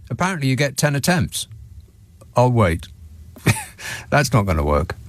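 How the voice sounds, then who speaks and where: Sardonic radio host, lively pitch. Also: male voice, no room sound. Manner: sardonic, dry jokey asides. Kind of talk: late-night radio phone-in banter.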